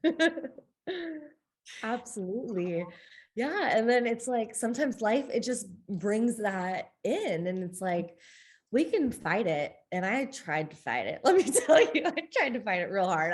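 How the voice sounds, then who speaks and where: A woman speaking as a podcast guest in a candid interview, open and expressive, often breaking into laughter. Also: on the high side, a little slow.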